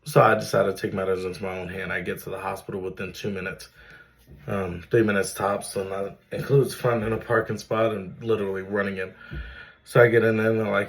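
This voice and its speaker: A man's voice: fairly low pitch, fairly even intonation, brisk, gravelly, poor audio. A man, earnestly telling his own emotional story as a father, with many fillers. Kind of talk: personal storytelling to camera.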